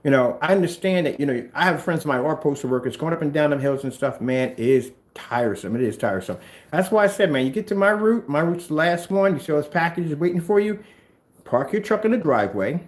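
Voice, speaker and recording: A man running a small business, chatting casually at home and ranting in an animated way. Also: fast. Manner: animated, ranting, talks to his pets in a high voice. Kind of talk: casual vlog chat. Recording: echoey room with faint noise.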